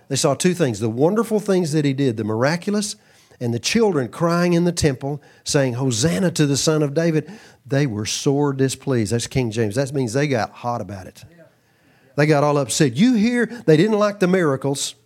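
A middle-aged man from Texas preaching a sermon, animated and lively, often breaking into asides and acting out quoted voices. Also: on the high side, normal speed.

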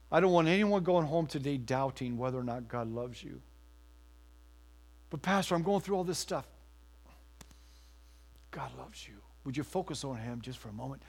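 In a church, a pastor with a medium-pitched voice preaches a sermon, rising to loud, emphatic lines and then dropping to a hushed near-whisper.

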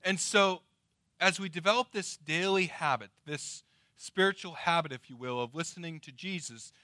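A middle-aged man preaching a sermon, dramatic and swinging between loud emphasis and hushed, drawn-out words. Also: a little high, dry recording, studio quality. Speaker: pastor.

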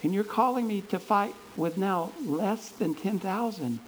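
A man playing Gideon, an anxious but eager army leader, who speaks in excited, pleading questions. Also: high voice, a little slow, slight background noise, poor audio. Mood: incredulous.

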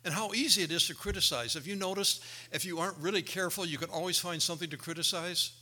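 Male pastor, sermon delivery, very bright tone, slightly higher pitch, animated storyteller who acts out quotes. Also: fast talker.

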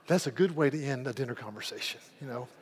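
A man preaching a sermon in an earnest, emphatic way, often repeating words as he builds to loud passages. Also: medium pitch. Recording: long hall reverb.

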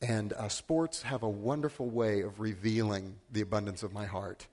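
A middle-aged pastor delivers a sermon, telling a story at his own expense and swinging suddenly between loud and hushed. His voice is on the low side, with a steady tone and moderate pace.

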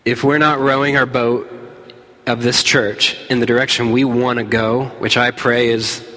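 A man's voice: medium pitch, flat delivery, moderate pace, sharp tone. A man preaching a sermon as pastor, earnest and conversational. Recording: hall reverb.

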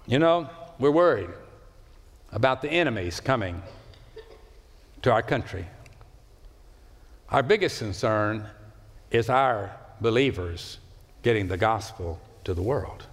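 A pastor preaching to his congregation, his voice rising into loud high calls and then sinking low and quiet. He draws out key words slowly, and his voice rings out through the long reverb of a large church sanctuary. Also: expressive. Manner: preaching with sweeping swings in pitch and loudness, slowing for emphasis. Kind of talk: sermon.

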